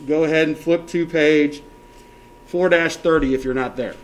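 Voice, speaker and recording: A male teacher giving a classroom software lesson step by step, often checking that everyone is following and counting options aloud. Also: fairly high pitch, fairly even intonation, normal speed.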